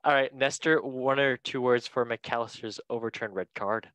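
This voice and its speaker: A man's voice: mid-range voice, fairly even intonation, moderate pace, fairly bright tone, dry recording, poor audio. A man hosting a casual football podcast, chatty and joking, correcting himself as he reads through transfer news. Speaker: podcast host.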